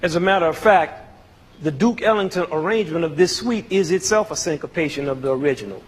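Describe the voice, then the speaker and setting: A man teaches music to an audience with humor and demonstration, counting beats out loud between jokes. He speaks fast and animatedly in a fairly high voice, recorded with the long reverb of a concert hall.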